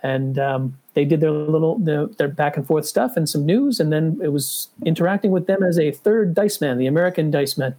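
A man's voice: fairly high pitch, lively intonation, normal speed, few pauses, warm tone. A man co-hosting a casual board game podcast, talking with many fillers and restarts. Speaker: podcast co-host. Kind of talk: casual chat.

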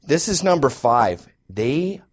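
A man's voice: medium pitch, big pitch swings, takes it slowly, husky. A Canadian man doing an exasperated, mocking stand-up rant. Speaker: comedian.

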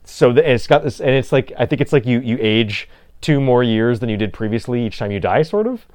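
A man's voice: medium pitch, lively intonation, brisk, darkish tone, dry recording. A young man chatting casually about video game news, rambling with lots of fillers and restarts. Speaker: podcast co-host. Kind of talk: casual gaming news chat.

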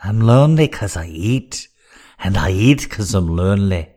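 A man's voice: fairly low pitch, expressive, moderate pace, warm tone. A man doing a hammy, glum comedy glutton. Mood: mopey. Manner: oversold, hammy delivery. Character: crude, glum, heavyset Scottish man in a comedy film.

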